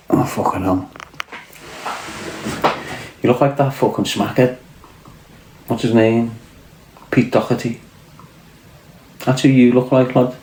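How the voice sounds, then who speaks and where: A man's voice: mid-range voice, flat delivery, slow pace, long pauses, mellow, echoey room, a little hiss or hum. A man with a Scouse accent hosting a casual livestream, trading crude, swearing, mocking banter with his chat. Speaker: livestream host reading chat.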